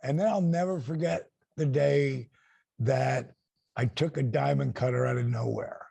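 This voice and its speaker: A middle-aged man and former wrestler telling an animated story, acting out quotes with big voice swings. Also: mid-range voice, unhurried, no room sound. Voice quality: gravelly.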